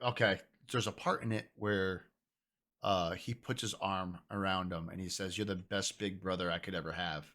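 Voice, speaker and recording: A man's voice: low-pitched, fairly even intonation, moderate pace, bright, forceful tone. Earnest, heartfelt man on a podcast. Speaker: podcast guest. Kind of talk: casual podcast chat.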